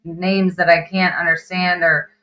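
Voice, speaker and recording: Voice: medium pitch, level tone, a little slow, dull audio. A podcast host chatting casually with a guest over a video call, patiently checking the connection and prompting questions. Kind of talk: casual interview chat.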